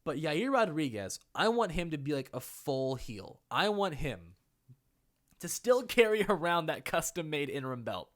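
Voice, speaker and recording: A man's voice: a little high, very animated, normal speed. Goofy young man riffing casually. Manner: goofy, playful, laughs often. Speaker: YouTuber. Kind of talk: casual unscripted commentary.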